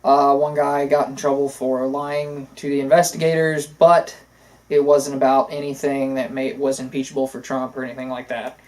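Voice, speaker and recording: A podcast co-host talks politics with strong opinions in a loose, unscripted, conversational chat, speaking in long runs packed with "uh" and "so." The mid-range voice has a darkish tone, little pitch movement, and a moderate pace, in a low-quality recording.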